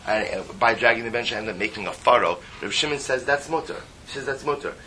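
A man leads a Talmud class, moving through the text with rhetorical questions and the Aramaic in a style. His voice is bright and forward, at a middle pitch. A faint noise sits under the recording. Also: expressive, quick pace, poor audio. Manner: explaining with rhetorical questions, mixing Aramaic terms into English. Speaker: Talmud teacher.

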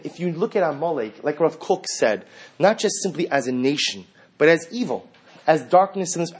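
Male rabbi, sermon delivery, slightly high and husky voice, explains religious sources and climbs loud and high when acting out quotes. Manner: reads Hebrew sources, then explains them in English; rises sharply in pitch and volume when acting out quotes. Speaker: rabbi teaching Torah.

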